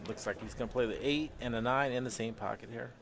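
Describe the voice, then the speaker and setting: A man in the middle of the usual pitch range co-hosts a pool live stream. He trades teasing banter with his partners and gives quick reads on the shots. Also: steady tone, creaky, fairly bright tone, slight background noise. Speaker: pool co-commentator. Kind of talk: casual live-stream commentary.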